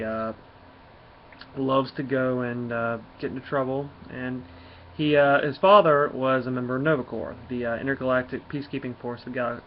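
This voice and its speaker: A man casually reviewing a comic book, rambling through the plot with lots of pauses and fillers. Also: medium pitch. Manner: rambling, filler-heavy retelling. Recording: dull lo-fi audio with faint noise.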